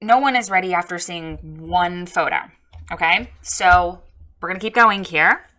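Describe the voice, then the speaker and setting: A woman's voice: on the low side, unhurried, pushed and bright. A woman coaching a photographer on her website in a casual spoken critique, frank and direct.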